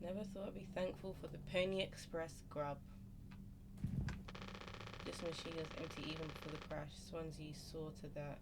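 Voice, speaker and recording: A woman's voice: deep voice, level tone, moderate pace, creaky, pauses often, very noisy. A young woman playing a horror game, chatting casually and reading character dialogue aloud in playful put-on voices. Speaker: let's play streamer.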